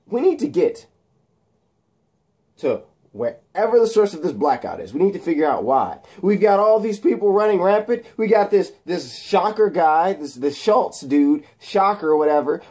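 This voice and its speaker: A man's voice: fairly high pitch, darkish tone, pitched above the performer's own voice. A man voicing a passionate, pushy male reporter who keeps insisting and repeating himself.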